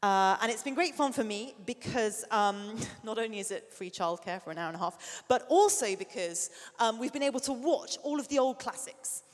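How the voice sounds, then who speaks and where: A middle-aged woman preaching a sermon, an animated storyteller who sometimes drops to a soft near-whisper. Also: fairly high pitch, moderate pace, few pauses. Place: church hall. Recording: long reverb of a large hall.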